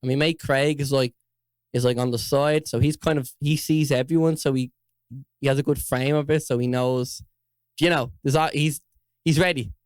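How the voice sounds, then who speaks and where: A man's voice: mid-range voice, steady tone, normal speed, no echo. A young man with a Dublin Irish accent, co-hosting a podcast, telling a story in casual chat, swearing a lot and acting out the people in it. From Ireland. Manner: swears often, acts out voices in his story. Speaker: podcast co-host.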